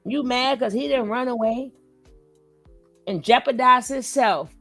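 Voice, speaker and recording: A woman's voice: a little high, unhurried, gravelly, a bit bright, soft background music. A woman hosting a reaction commentary, talking bluntly and mockingly with plenty of profanity. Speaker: commentary channel host.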